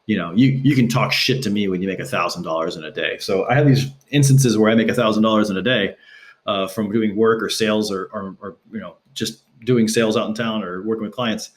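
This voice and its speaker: A man speaking as a guest on a podcast, telling stories casually and acting out quotes with shifting pitch. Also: brisk. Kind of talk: casual conversational storytelling. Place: Los Angeles.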